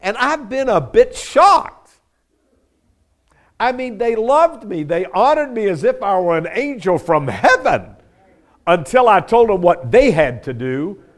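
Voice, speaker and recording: Animated, slow-preaching male pastor. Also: sits high. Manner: expository, dramatizes quoted verses with lively emphasis. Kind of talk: sermon.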